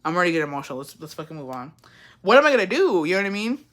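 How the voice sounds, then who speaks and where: A woman's voice: fairly low pitch, very animated, very fast. A young adult woman, chatting casually with her viewers, blunt, profane and playful, and calling them bestie. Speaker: livestream host reading viewer comments. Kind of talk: casual chat.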